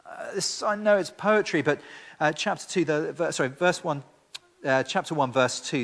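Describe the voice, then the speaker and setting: A man's voice: a little high, moderate pace, a bit bright. A man preaching a sermon with emphatic rhetorical questions and frequent restarts. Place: church hall. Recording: long church reverb.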